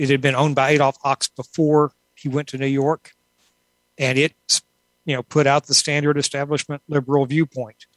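A woman's voice: deep voice, dry recording, rough recording. A woman author answering interview questions in a thoughtful, rambling way, with many asides. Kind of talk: casual conversational interview.

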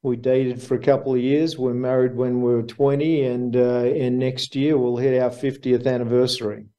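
A man's voice: medium pitch, level tone, mellow. Easygoing Australian man in his sixties. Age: 60s. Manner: easygoing, halting, many restarts. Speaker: guest, banking marketer. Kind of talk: casual interview answers.

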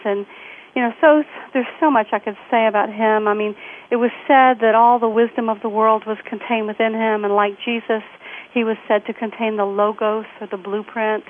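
A woman's voice: fairly high pitch, steady tone, normal speed. A woman author being interviewed, telling stories in a rambling way with lots of fillers. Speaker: author guest. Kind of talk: animated storytelling interview. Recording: tinny phone line, faint hiss.

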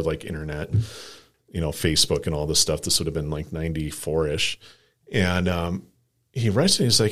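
This podcast co-host, a man in his forties from Colorado with a low voice, tells a relaxed, chatty story. His anecdote wanders from one detail to the next, peppered with "like" and quick impressions of people's words.

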